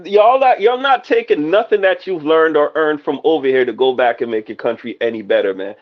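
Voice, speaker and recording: A man's voice: a little high, animated, fairly quick, dull audio. A man in a casual chat, ranting bluntly and often tagging his lines with "man". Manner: blunt, rants, says "man" a lot.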